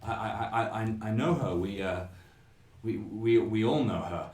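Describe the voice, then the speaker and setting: A man's voice: fairly low pitch, measured pace, a little mellow, distant mic, lightly acted. A man voicing a nervous young waitress who stammers and hurries her words. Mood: flustered. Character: flustered, nervous young female diner waitress. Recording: roomy echo.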